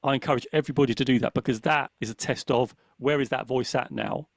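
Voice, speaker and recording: A man's voice: medium pitch, fast, no room sound, studio quality. A man talking casually on a podcast panel, acting out the voice in his head as he tells stories. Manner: animated, acts out his inner voice. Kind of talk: casual conversation.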